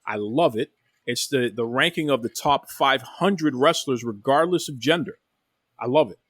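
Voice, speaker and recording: A man's voice: mid-range voice, moderate pace, fairly bright tone, husky, no room sound. A man hosting a casual wrestling podcast, talking with enthusiasm and often repeating phrases. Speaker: podcast host.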